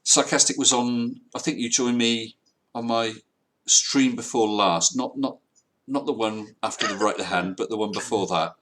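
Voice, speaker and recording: A man's voice: medium pitch, moderate pace, a bit bright. A man hosting a casual live-stream chat, friendly and rambling, often chuckling. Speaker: host.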